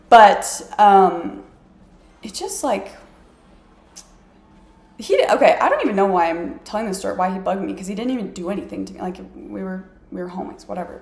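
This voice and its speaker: A woman chats to camera from her apartment, her voice gravelly with vocal fry. She rambles through a story in a self-mocking way, filling it with "like". The room around her is echoey. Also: mid-range voice, a little mellow. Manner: chatty, self-mocking, heavy use of "like". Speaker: vlogger.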